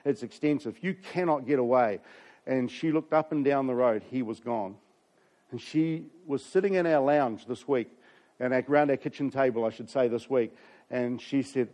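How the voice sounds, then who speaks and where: A man's voice: medium pitch, moderate pace, a little mellow. A pastor, preaching a sermon and telling a story with asides to his congregation.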